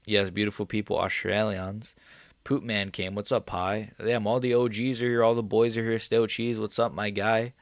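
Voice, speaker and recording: A man's voice: on the low side, little pitch movement, normal speed, no room sound. A man hosting a casual MMA livestream, answering viewers in a profane, rambling way. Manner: profane, rambling, talks straight to chat.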